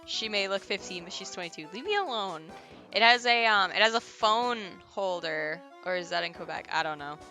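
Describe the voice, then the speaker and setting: A woman's voice: mid-range voice, expressive, moderate pace, bright, forceful tone, soft background music. A woman streaming a game, chatting casually and giggling as she answers chat.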